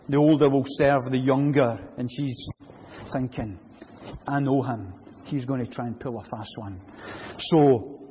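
A man preaching a sermon in a church, animated and full of rhetorical questions. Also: a little high, big-room sound, dull audio, a little hiss or hum.

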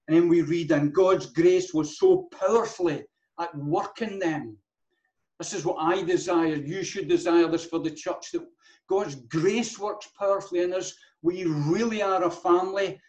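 A man's voice: on the high side, darkish tone, dull audio. A man preaching a sermon as the church's pastor, earnest, often restarting and repeating words.

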